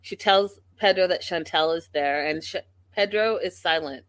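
A woman's voice: fairly low pitch, moderate pace, no echo. A woman giving a casual, sassy recap of a reality show, acting out quotes in exaggerated voices.

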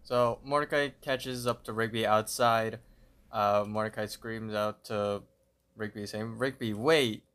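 A man's voice: on the low side, little pitch movement, a little slow, a bit bright, clean tone. A man co-hosting a podcast, recapping a cartoon episode in a laid-back way. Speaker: podcast co-host.

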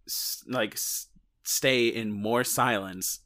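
This podcast co-host chats casually about a film, wandering through his points, cutting himself off and tossing in joking asides. He speaks at a normal speed in a medium-pitched voice that's expressive, bright and forceful.

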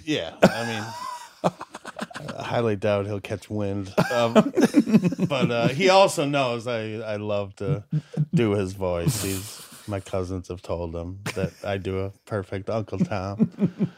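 A man's voice: fairly low pitch, animated, takes it slowly. A man, a podcast guest, telling a family story in casual chat and laughing often.

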